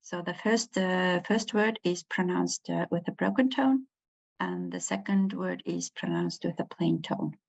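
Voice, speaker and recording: A woman giving a university lecture, hesitant, with many pauses and fillers. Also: lowish voice, fairly even intonation, gravelly, husky. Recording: dull lo-fi recording.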